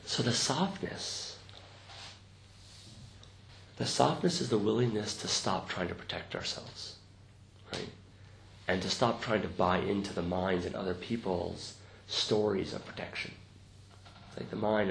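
With a deep, gravelly voice at a moderate pace, a man teaches meditation to a group, pausing often. His talk is casual and reflective, and he keeps checking in with "right?" at the end of sentences. Faint noise runs through the roomy recording.

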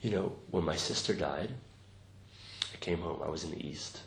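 Low-pitched with vocal fry, a man talks at normal speed while teaching a group to meditate. He's conversational and reflective, often tagging his lines with "right?", in a roomy recording with faint noise.

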